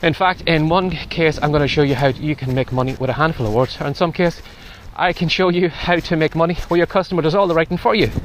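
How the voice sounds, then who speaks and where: He talks fast in a slightly high voice, with hardly any pauses. The man is a podcast host walking outside in strong wind and rain for a casual vlog, a bit breathless as he gives chatty advice.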